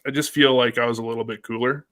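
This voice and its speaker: A man's voice: mid-range voice, steady tone, quick pace, fairly bright tone, slight background noise. A man hosting a casual live fishing show, upbeat and chatty, reading out viewer comments. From Canada. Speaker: host.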